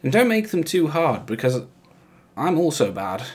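A man's voice: fairly high pitch, very animated, normal speed. A man co-hosting a casual let's-play, chatty and rambling with playful sarcasm. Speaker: co-host of a gaming channel.

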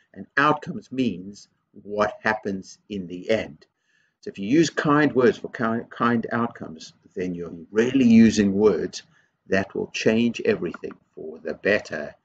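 Gentle, gravelly headteacher speaking to children. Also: male voice, lowish voice, dull audio, slight background noise. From England. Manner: slow, gentle and encouraging, addressing young children. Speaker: primary school headteacher. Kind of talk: school video assembly talk.

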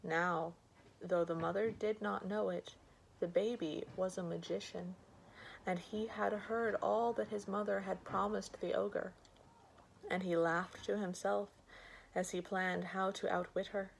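Slow, gravelly-voiced woman reading a bedtime story. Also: medium pitch, fairly even intonation, a little hiss or hum, rough recording. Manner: slow, gentle reading with lightly voiced characters.

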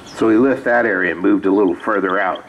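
Preacher guy, real low voice, chatty storytelling sermon, bit of faint noise behind. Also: fast, highs cut off. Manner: conversational storytelling with asides. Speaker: pastor. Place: small rural church.

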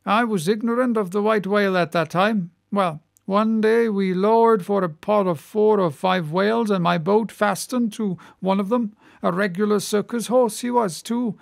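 A man's voice: high-pitched, vocal fry, dry recording, clean studio sound. A man voicing a good-humoured, chatty one-armed ship captain who tells a long yarn, in an audiobook reading.

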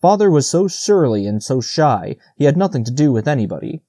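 A man's voice: medium pitch, sing-song, fairly quick, mellow, slightly rough, no echo, studio quality. A man voicing a talkative, eager young male squirrel in a storybook reading. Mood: chatty. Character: chattering young male squirrel, friendly and rambling.

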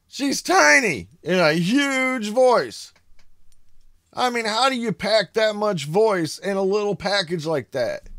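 An excitable American man hosting casual reaction commentary at home, bursting into shouts of amazement. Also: sits high, dry recording, studio quality. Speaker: reaction video host. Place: home room.

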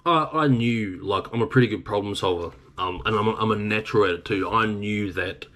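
A man's voice: fairly low pitch, fairly quick, a bit bright. A man in his thirties with an Australian accent, a truck driver casually telling a story in a blunt, rambling way with some swearing.

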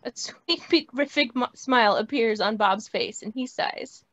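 Woman reading stage directions, high voice, dry muffled lo-fi call audio. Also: a little slow. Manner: plain, steady reading. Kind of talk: script table read. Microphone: video call.

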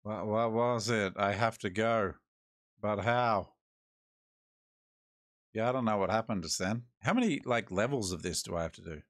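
A man's voice: on the low side, normal speed, pauses often, no echo, studio quality. An Australian man giving laid-back, joking commentary while playing a horror game, talking to himself as he goes. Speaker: gaming host. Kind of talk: let's-play commentary.

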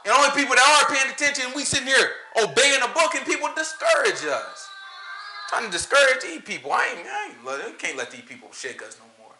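Animated Southern man teaching scripture. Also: very high-pitched, quick pace, music in the background. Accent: US Southern country. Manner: animated, rhetorical questions, frequent laughter. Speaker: Bible study teacher. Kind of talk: informal Sabbath teaching. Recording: echoey room.

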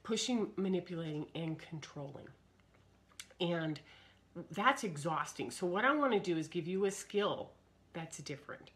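Middle-aged woman talking live to viewers, kinda low voice, earnest, circles back and repeats herself. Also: expressive, moderate pace. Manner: earnest, searching, repeats key words. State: coughing fits, throat trouble. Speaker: speaker on personal growth. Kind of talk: live broadcast talk to viewers.

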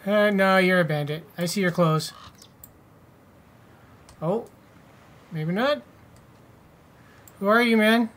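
A man's voice: high voice, takes it slowly, pauses often, a bit bright. A man hosting a casual let's-play, joking, swearing and reading game text aloud. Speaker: gaming channel host.

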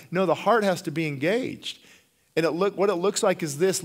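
Middle-aged male pastor, fervent sermon delivery, slightly higher voice, stumbles and repeats words. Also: brisk. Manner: impassioned, repeats words and restarts.

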